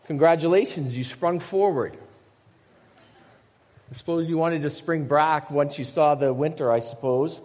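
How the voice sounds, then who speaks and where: An older man, a pastor, preaches conversationally, weaving personal stories, asides and rhetorical questions. His voice is a little high, a little slow and a little mellow, echoing with the long reverb of a church sanctuary.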